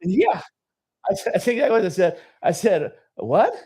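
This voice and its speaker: A man's voice: high-pitched, very animated, a little slow, dark tone, husky, pitched above the performer's own voice, full character voice, rough recording. A man acting out a frustrated young woman student who is complaining about her trip, in a raised, complaining voice. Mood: exasperated.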